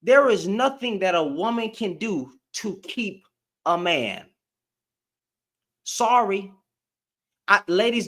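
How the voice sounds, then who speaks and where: High-voiced man ranting at his live chat. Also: takes it slowly, pauses often. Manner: animated, confrontational, repeats lines for emphasis; addresses commenters directly, slangy. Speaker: live stream host.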